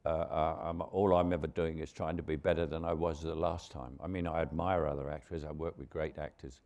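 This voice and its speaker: An older man with a London Cockney accent, a veteran actor telling anecdotes on stage as a relaxed raconteur. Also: a bass voice, brisk. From England. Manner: relaxed raconteur, frequent restarts and chuckles.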